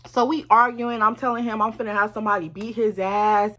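A woman telling a storytime to her viewers in a lively, profane, chatty way, speaking straight to them. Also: mid-range voice, a little fast, lo-fi sound. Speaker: vlogger. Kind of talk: casual storytime.

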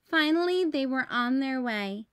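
A woman teacher reading a children's storybook aloud, clear and expressive. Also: high-pitched, unhurried.

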